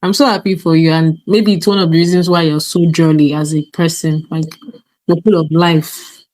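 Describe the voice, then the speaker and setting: A woman's voice: deep voice, little pitch movement, normal speed, darkish tone, no room sound, rough recording. A woman hosting a podcast, encouraging her guest and laughing along in casual conversation. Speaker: podcast host. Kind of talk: casual interview chat.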